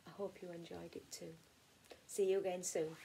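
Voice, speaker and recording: A woman teacher from England reading a children's picture book aloud in an expressive storytelling way. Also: lowish voice, moderate pace, vocal fry, a little hiss or hum. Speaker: primary school teacher.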